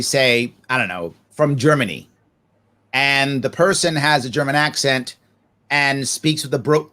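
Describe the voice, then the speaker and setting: Male, 40s, podcast guest; slightly raised pitch, talks off the cuff, animated, laughs easily. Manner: animated, laughs often, acts out other voices.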